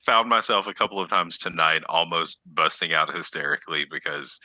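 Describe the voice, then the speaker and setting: A man's voice: deep voice, steady tone, brisk, bright, forceful tone, no echo, rough recording. A man co-hosting a casual podcast chat over a video call, teasing and laughing a lot. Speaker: podcast co-host.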